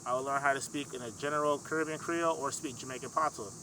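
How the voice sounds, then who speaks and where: A man's voice: medium pitch, fairly even intonation, fast talker, noisy background. A man from Michigan appearing as a podcast guest, talking in a thoughtful, analytical and earnest way. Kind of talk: casual conversation.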